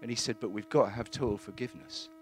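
A man giving a plain-spoken, earnest testimony in church, halting now and then with fillers. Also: fairly low pitch, slight background noise.

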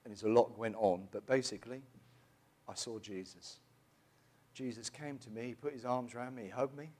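A middle-aged man, telling his personal testimony in a church in an emotional, halting way with many restarts. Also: mid-range voice, darkish tone. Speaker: church member giving testimony.

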